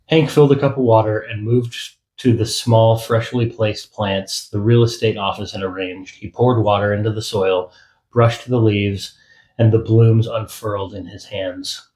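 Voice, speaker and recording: A man narrating his own fantasy audiobook in a measured storytelling manner. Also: on the low side, fairly even intonation, darkish tone, echoey room, poor audio. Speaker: author and narrator.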